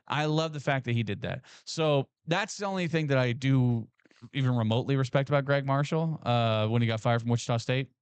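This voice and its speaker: A man co-hosting a sports podcast in casual, excitable talk with emphatic restarts. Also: medium pitch, brisk, smooth, no room sound.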